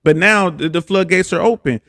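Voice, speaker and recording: A man's voice: high-pitched, fairly quick, gravelly, fairly bright tone, no room sound. A man calling in to a live discussion show, talking emphatically and repeating his points with tag questions. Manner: emphatic, repeats himself, tags points with "right?". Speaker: guest caller on a live show.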